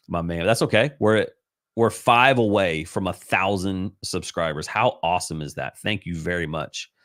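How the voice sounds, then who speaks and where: A man's voice: low-pitched, normal speed, a bit bright, no room sound, clean studio sound. A middle-aged man hosting a casual devotional livestream, talking in an earnest, emotional way with many restarts and fillers. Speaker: livestream host. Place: home livestream. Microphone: computer livestream mic.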